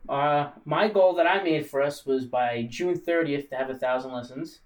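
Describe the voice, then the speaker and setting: A man hosts a loose, casual podcast chat, rambling from point to point and cracking jokes. His voice sits a little high. He sounds slightly distant from the microphone. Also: moderate pace. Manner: rambling, joking, laughs often. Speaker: podcast host.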